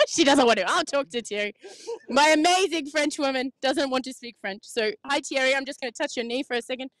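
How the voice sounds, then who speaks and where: A high-pitched woman hosts a lively dock walk, bouncing from crew to crew with playful questions and frequent laughter. Her voice sits close and dry on the mic despite the open marina around her. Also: a little fast, no room sound. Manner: bubbly, laughs often, playful. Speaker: sailing reporter, host. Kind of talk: casual on-the-spot interviews.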